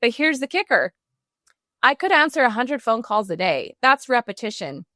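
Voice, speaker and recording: Lively higher-voiced woman trainer. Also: normal speed, dry recording, studio quality. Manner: animated, peppered with "like" and "right?". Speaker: customer service trainer. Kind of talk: podcast interview.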